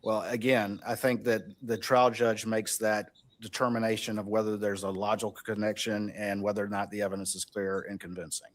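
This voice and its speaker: A man's voice: fairly low pitch, flat delivery, fairly quick. Earnest man arguing in court. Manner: earnest and persistent, building his case point by point. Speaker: attorney arguing a case before an appeals court. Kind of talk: courtroom oral argument.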